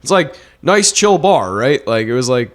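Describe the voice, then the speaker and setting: A man's voice: medium pitch, very animated, normal speed. A man co-hosting a casual podcast, telling rowdy stories full of swearing and laughter. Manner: swearing storyteller, laughs a lot, loud when acting out quotes. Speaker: podcast co-host. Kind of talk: casual chat.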